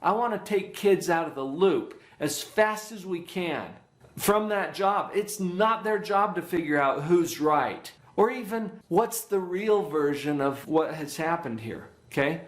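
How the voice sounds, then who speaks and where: A man's voice: sits high, animated, unhurried. A middle-aged man giving a parenting workshop lecture, earnest and teacherly, often checking that his listeners follow. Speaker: workshop presenter, psychologist. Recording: echoey room.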